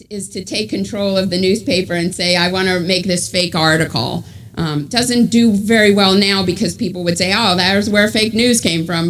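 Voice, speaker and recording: A middle-aged woman with a New York accent, giving a chatty author talk that she often interrupts herself in. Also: mid-range voice. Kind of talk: casual talk with reading aloud.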